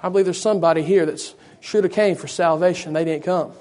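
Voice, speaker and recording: Hoarse preacher guy, high voice, fervent, gets loud and shouty. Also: steady tone, fast talker. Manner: fervent, repeats "Lord" in prayer, builds to shouting. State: hoarse, losing his voice. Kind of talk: sermon.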